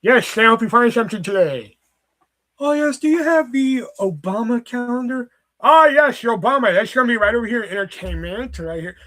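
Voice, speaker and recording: A man's voice: very high voice, expressive, moderate pace, few pauses, voice pushed up. A man doing an overly polite male store clerk in an odd, hard-to-place accent. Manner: sing-song, exaggerated customer-service politeness.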